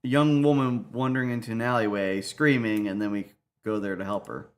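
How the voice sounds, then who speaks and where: A man playing a tabletop game, explaining his group's plan in a halting, matter-of-fact way. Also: on the low side, fairly even intonation. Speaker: player.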